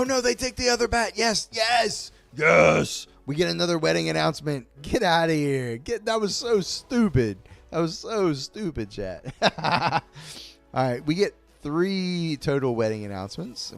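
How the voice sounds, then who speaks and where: A man streaming a card game live, reacting loudly to each play, swearing freely and talking to his chat. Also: mid-range voice, gravelly. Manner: excitable, swears a lot, talks to chat. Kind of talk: live-stream gameplay commentary.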